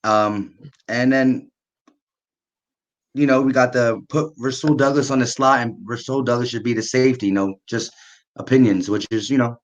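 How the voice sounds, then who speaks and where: A man co-hosting a casual fan sports stream, talking in a relaxed way and reading out viewer comments. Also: mid-range voice, moderate pace. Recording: dull lo-fi stream audio.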